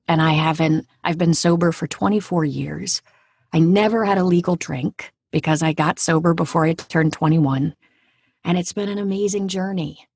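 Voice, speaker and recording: A woman in her forties, an actor and audiobook narrator, telling a personal story in an interview with vivid, dramatic delivery that drops to a hush at tense moments. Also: lowish voice, creaky, slightly rough, no room sound, studio quality. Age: 40s.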